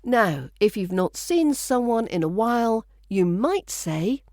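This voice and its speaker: A woman's voice: a little high, sing-song, slow pace, few pauses, a little mellow, no room sound, clean studio sound. A woman with a British accent giving a scripted pronunciation lesson, speaking carefully and repeating each phrase as a model. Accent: British English. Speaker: accent coach.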